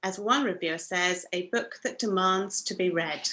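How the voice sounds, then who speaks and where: A woman's voice: lowish voice, normal speed, pushed and bright. Earnest woman hosting an interview. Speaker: host and interviewer. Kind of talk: scripted introduction, then interview. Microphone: video call.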